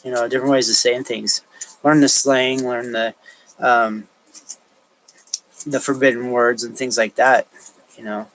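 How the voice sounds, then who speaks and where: A man talking alone on a livestream, thinking aloud in a halting way with frequent restarts and fillers. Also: medium pitch, little pitch movement, a bit bright, a little hiss or hum, low-quality recording. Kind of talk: rambling solo livestream talk.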